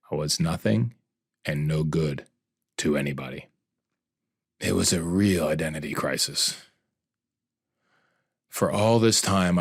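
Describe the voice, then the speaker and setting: A man's voice: deep voice, breathy edge, no room sound, clean studio sound. A man hosting a podcast, narrating a personal story in an earnest, reflective and heartfelt way. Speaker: podcast host.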